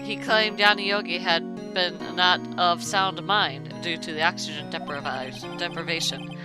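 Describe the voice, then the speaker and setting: A cold, proud young prosecutor from a courtroom video game , as a woman streamer puts him on. The voice sits lower than her own, measured and formal, with music playing behind. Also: fairly even intonation, close to an everyday voice, poor audio. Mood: cool, formal. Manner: measured, formal reading with a few stumbles. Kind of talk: reading game dialogue aloud on stream.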